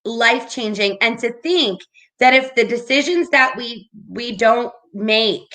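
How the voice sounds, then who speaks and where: A woman's voice: on the high side, measured pace, pushed and bright. A woman hosting a casual talk as a business coach, upbeat and encouraging. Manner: upbeat, encouraging, keeps asking "right?".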